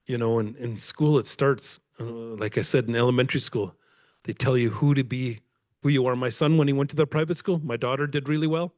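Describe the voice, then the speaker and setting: A man from Canada telling stories as the guest speaker at a book talk, rambling and animated and laughing often. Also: mid-range voice, brisk, no echo, studio quality. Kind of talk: conversational storytelling. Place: lecture event with audience.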